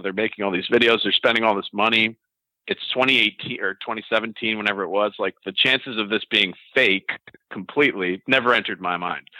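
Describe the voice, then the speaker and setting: A man telling an interviewer a story in a casual, animated way, laughing at himself. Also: on the low side, no echo, low-quality recording. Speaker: interview guest.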